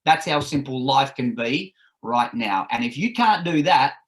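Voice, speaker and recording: A man speaking as an energy coach on a podcast, giving blunt, forceful advice and swearing now and then. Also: mid-range voice, lively intonation, unhurried.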